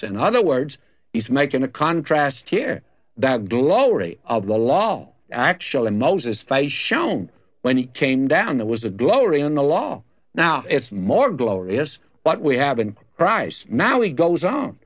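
A man's voice: medium pitch, very animated, unhurried. A man preaching a sermon, telling a story conversationally and acting out both sides of a dialogue before reading scripture. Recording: dull lo-fi recording.

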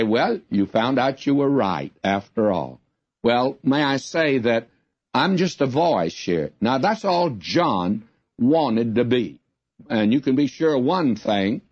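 Older male radio preacher, slow and folksy, earnest emphasis, dull lo-fi broadcast sound. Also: mid-range voice, darkish tone, no echo. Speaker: radio Bible teacher. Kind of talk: radio Bible teaching.

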